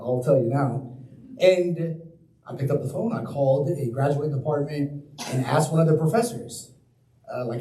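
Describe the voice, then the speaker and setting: A young man with a mid-range, dark-toned voice gives a public talk as a guest speaker in a planetarium lecture hall, telling his own story casually and conversationally. The hall sounds roomy, with the mic at a distance.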